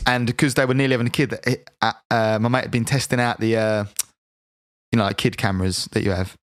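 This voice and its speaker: A man's voice: medium pitch, steady tone, quick pace, no echo. Rambling sweary British man, dry sound. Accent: British English. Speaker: podcast co-host. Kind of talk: casual storytelling chat.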